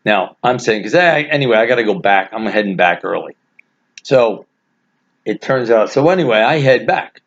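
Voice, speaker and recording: A man casually telling a family anecdote, animated and laughing through his own story. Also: lowish voice, moderate pace. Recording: dull lo-fi recording.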